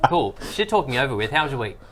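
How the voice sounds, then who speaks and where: A man's voice: mid-range voice, sing-song, quick pace, a bit bright. A man hosting a casual podcast, joking and teasing his co-hosts. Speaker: podcast host.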